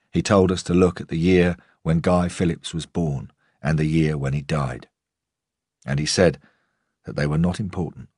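A male narrator reads a first-person novel in a measured, understated way. His voice is very low and husky. The recording is close and dry. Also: a little mellow, dry recording. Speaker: audiobook narrator.

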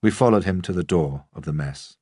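A man narrating an audiobook in a measured, even manner. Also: deep voice, breathy edge, dry recording, clean studio sound. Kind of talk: scripted narration.

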